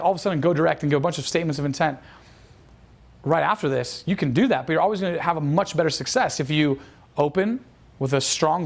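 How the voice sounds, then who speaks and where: A man delivers a quick, rambling lesson as a dating coach. His voice sits a little high, and he often restarts his sentences and acts out quoted lines. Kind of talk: instructional talk.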